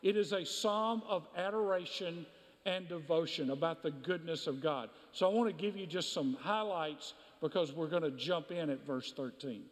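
A pastor with a notably high voice delivers a sermon at a moderate pace, driving his points home through repetition. His words echo with long reverb in a church sanctuary.

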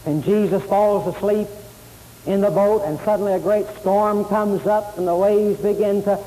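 A man's voice: high-pitched, steady tone, moderate pace, dark tone. A man preaching a sermon, emphatic, repeating key phrases and quoting scripture. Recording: hissy tape in a long-reverb hall.

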